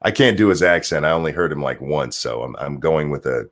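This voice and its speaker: A man's voice: extremely low pitch, lively intonation, fairly quick, fairly bright tone. A man hosting a stream, ranting sarcastically and profanely as he reacts to viewer comments. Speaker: streamer host.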